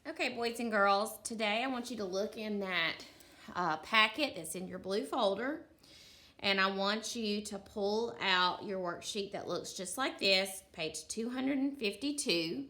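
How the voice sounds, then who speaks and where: A woman teacher leading a slow phonics lesson for young children, sounding out words carefully and praising the class. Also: mid-range voice, pushed and bright.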